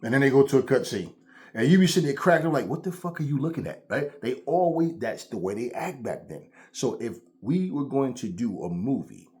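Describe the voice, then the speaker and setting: A man hosting a commentary vlog, ranting in a blunt, profane, animated way. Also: medium pitch, moderate pace. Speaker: channel host.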